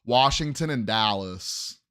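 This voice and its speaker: Young guy on a sports podcast, smooth voice, mid pitch, talks through his picks and second-guesses himself. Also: lively intonation, slow, a bit bright, dry recording, clean studio sound. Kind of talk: casual sports prediction talk.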